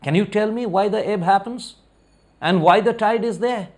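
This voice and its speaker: A man's voice: sits high, normal speed, darkish tone, voice pushed up, natural voice. A man voicing a haughty, condescending scholar who quizzes and mocks a boatman in a spoken story. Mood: lecturing. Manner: condescending, lecturing questions. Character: haughty, mocking male scholar.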